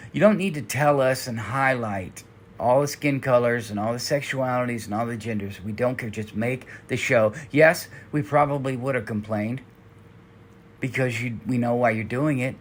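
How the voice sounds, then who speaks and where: A man in mid-rant, heated and exasperated, swearing freely as he airs his complaints. His pitch sits in an ordinary middle range for a man. A faint ambient hum stays underneath. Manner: heated, profane, exasperated ranting. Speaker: commentary channel host. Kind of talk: angry commentary rant.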